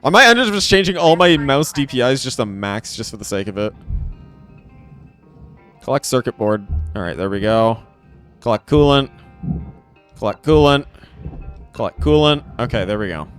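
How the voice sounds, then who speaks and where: A man's voice: mid-range voice, fairly bright tone. Playful man streaming a game. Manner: playful, rambling, repeats phrases, talks to chat. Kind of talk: casual live gameplay commentary.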